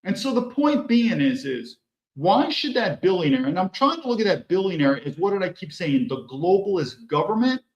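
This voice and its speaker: A man's voice: high-pitched, sing-song, moderate pace. A man from the United States hosting a podcast, telling a story in an opinionated, digressive way. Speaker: podcast host. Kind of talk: rambling commentary with storytelling. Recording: echoey, dull room sound.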